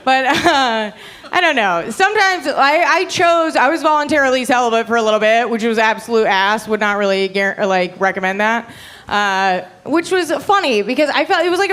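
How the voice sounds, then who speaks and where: A woman's voice: a little high, a bit bright. A young woman doing a stand-up comedy set on a club stage, brash and profane, laughing at her own jokes. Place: comedy club stage before a live audience.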